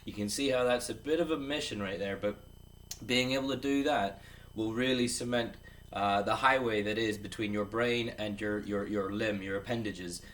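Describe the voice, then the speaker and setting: A man's voice: on the low side, moderate pace, a bit bright. A man teaching a casual drum lesson, rambling and joking as he counts beats aloud. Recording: distant mic with clear background noise.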